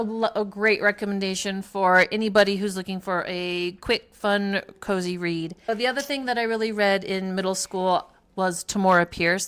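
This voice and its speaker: Smooth-voiced chatty middle-aged woman. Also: mid-range voice, fairly bright tone. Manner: chatty, rambling, self-correcting. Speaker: book reviewer, mother. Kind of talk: casual book chat.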